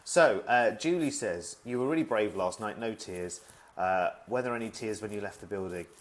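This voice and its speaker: A man's voice: fairly low pitch, moderate pace. A middle-aged man chatting at home on a live video stream, reading out viewer messages in a friendly, self-deprecating way. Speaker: former shopping channel presenter.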